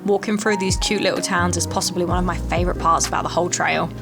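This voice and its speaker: A woman's voice: fairly low pitch, steady tone, quick pace, gravelly, music in the background. A young woman vlogging a hiking trip, chatty and self-mocking as she narrates. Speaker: travel vlogger. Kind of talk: casual travel vlog narration. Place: outdoors on a mountain trail.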